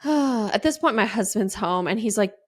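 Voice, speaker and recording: A woman's voice: medium pitch, animated, moderate pace. A woman in her forties hosting a podcast, telling a rambling, exasperated story in a casual style and swearing freely. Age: 40s. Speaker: podcast host.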